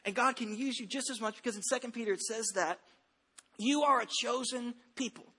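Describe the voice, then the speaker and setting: A very high-pitched man in his thirties preaches a Sunday sermon from a church stage. His voice is bright and forceful, and he talks in a loose, conversational way, joking and restarting his sentences as he tells stories. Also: a little fast, husky. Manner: conversational, humorous storytelling with frequent restarts. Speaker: pastor.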